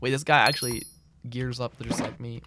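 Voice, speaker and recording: A man's voice: medium pitch, steady tone, a little fast, heavy background noise. A man streaming a game live, chatting casually and reading out and answering his chat. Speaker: gaming streamer. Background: game music and keyboard typing.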